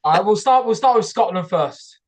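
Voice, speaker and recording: A man's voice: sits high, expressive, brisk. A man hosting a comedy podcast, throwing short questions and banter at his guest. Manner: brief prompts and banter. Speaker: podcast host. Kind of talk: casual interview.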